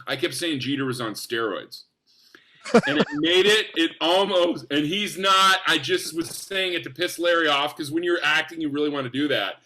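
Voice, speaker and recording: Enthusiastic bright-voiced man telling stories. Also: a little high. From Spokane, US. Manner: enthusiastic, animated, acts out quotes. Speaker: actor guest. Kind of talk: casual podcast storytelling.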